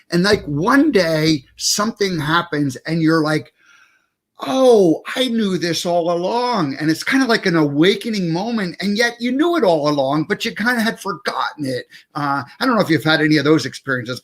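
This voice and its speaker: Higher-voiced man hosting a chat. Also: lively intonation, fairly quick, few pauses, fairly bright tone. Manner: thoughtful, loose musing with fillers. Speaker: host. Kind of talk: casual interview chat.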